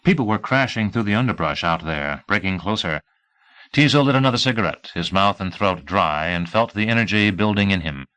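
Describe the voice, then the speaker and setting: A man narrating a novel in a steady, measured reading. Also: on the low side, no room sound. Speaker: audiobook narrator. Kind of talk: scripted narration.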